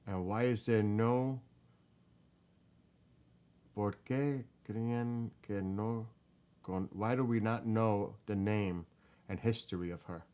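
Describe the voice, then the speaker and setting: Male vlogger, very low voice, emotional and excitable, casual talk to camera at a computer. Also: slow pace, long pauses, smooth. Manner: emotional, excited, muttering while reading. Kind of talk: casual vlog, researching family tree.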